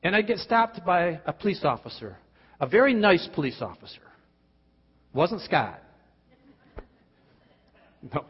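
Husky-voiced man preaching in a hall. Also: sing-song, unhurried, pauses often. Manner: emphatic, rhetorical questions, drops to quiet near-whispers. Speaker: pastor. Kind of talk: sermon. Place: church. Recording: dull, boomy hall sound.

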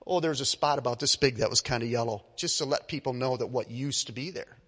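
A man preaching a sermon as pastor, telling stories with animated delivery and acting out the voices of the people in them. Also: mid-range voice, brisk, in a large hall. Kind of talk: sermon with storytelling.

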